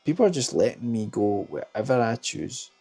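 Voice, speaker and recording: A man's voice: mid-range voice, sing-song, normal speed, dark tone, breathy edge, faint music behind. A man commentating his own game live stream, self-mocking and muttering to himself.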